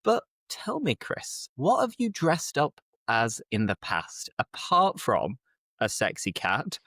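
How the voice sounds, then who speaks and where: A man's voice: mid-range voice, huge pitch swings, slow, sharp tone, dry recording, studio quality. A man co-hosting an English-learning podcast, chatting casually in a teacherly way and slipping in Spanish phrases. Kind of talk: casual chat.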